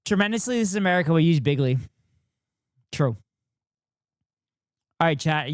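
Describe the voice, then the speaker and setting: A man's voice: fairly high pitch, animated, normal speed, pauses often, dry recording, clean studio sound. A man live-streaming and chatting with viewers in a rambling, self-deprecating way. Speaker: streamer reacting with chat. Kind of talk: casual live-stream chat.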